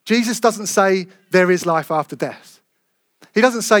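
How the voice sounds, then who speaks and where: Higher-voiced man preaching earnestly. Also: fairly bright tone. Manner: earnest, emphatic, slows down to stress key phrases. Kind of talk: sermon.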